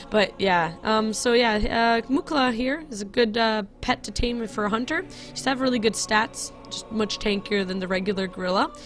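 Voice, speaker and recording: A woman hosting a game video, talking at a mid pitch in loose, chatty commentary. She giggles and keeps correcting herself, with soft music in the background. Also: moderate pace. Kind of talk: casual gameplay commentary.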